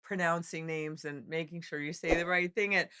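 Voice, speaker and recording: A woman's voice: low-pitched, steady tone, normal speed, bright, forceful tone, clear, resonant tone, no room sound, clean studio sound. A woman co-hosting a casual podcast, upbeat and talking straight to her listeners, her voice worn from talking all week. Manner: upbeat, talks to listeners directly. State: losing her voice. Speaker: podcast co-host. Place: hotel event venue.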